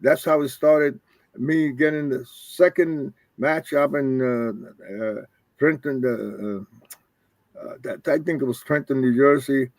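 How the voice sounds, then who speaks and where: His voice is medium in pitch and steady in tone, and he speaks unhurriedly on a dry recording. The older man, a former wrestler, is a guest telling casual, rambling stories and voicing the people he quotes.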